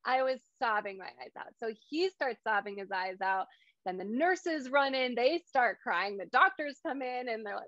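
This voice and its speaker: A woman's voice: high voice, moderate pace, dry recording, highs cut off. Woman telling a story with energy. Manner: animated storyteller, acts out quoted lines. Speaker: guest speaker, hypnotherapist. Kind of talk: storytelling talk on a video call.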